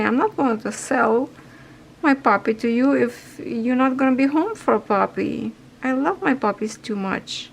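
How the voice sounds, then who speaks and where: Craft vlogger, woman, non-native English, stuffy, unhurried rambling chat. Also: fairly high pitch, creaky, slight background noise, low-quality recording. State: stuffy nose. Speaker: cross-stitch vlogger. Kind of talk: casual chat while stitching.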